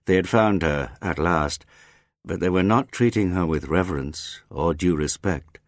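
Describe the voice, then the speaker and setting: A man with a very low voice reads a literary audiobook, slow and grave, letting each phrase land. The recording is close and dry, with no room sound. His delivery stays measured and serious throughout. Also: dry recording. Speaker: audiobook narrator.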